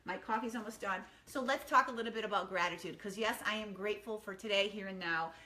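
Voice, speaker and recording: Bright-voiced upbeat woman chatting. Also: mid-range voice, fast talker. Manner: chatty, upbeat, rambling with many ums. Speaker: wellness vlogger. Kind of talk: casual morning chat to camera. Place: quiet home kitchen.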